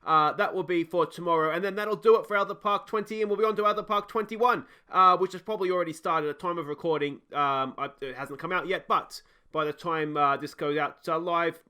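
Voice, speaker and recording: An Australian man calls his baseball game like a live broadcast, pleading with his players and celebrating loudly. His voice sits high and sounds bright and forward. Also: a little fast, clear, resonant tone. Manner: emotional play-by-play, shouting at players. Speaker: let's play gamer and commentator. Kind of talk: excitable baseball game commentary.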